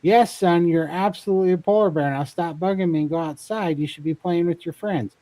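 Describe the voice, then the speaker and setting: A man's voice: a little high, fairly quick, mellow, dry recording, voice pushed up, lightly acted. A man voicing a polar bear parent in a joke, reassuring the cub and growing impatient with the repeated questions. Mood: exasperated. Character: patient then exasperated polar bear parent.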